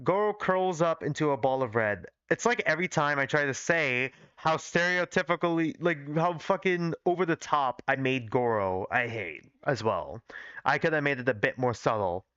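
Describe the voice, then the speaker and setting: A man's voice: on the high side, lively intonation, moderate pace, fairly bright tone, clear, resonant tone, no room sound, muffled recording. A young man casually reading his old fanfiction on a livestream, rambling and critiquing his own writing. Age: young adult. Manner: self-critical, rambling with fillers.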